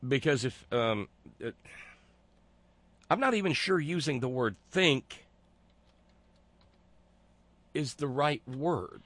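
A man hosting a talk show, speaking in a sarcastic, halting way with many fillers and restarts. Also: mid-range voice, expressive, a bit bright, no room sound. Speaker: host. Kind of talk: casual commentary.

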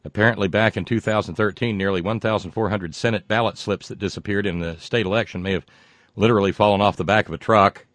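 A man's voice: lowish voice, fairly even intonation, fast, a bit bright, no echo. An older American man hosting a casual show, reading listener mail aloud with wry, digressive asides.

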